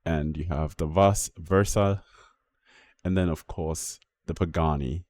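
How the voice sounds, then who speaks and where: A man's voice: deep voice, steady tone, slow pace, a little mellow. A man hosting a car video, chatting casually and swearing freely as he goes through a list of cars. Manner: chatty, swears, laughs at himself. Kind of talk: casual commentary.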